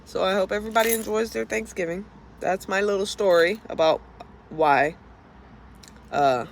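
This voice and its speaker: A woman's voice: medium pitch, normal speed, pauses often, slight background noise. A woman venting in an unscripted personal vlog, blunt and profane, often restarting her sentences out of frustration. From Florida. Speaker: vlogger.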